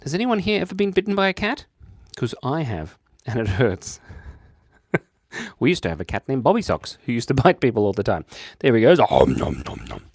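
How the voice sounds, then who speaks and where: Casting note: young Australian man hosting a drawing livestream, goofy, very lively pitch, dry close sound. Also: a little fast, no echo. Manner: playful, jumps between high excited bursts and quiet mumbles. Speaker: livestream host drawing for chat. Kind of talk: casual live-stream chat while drawing.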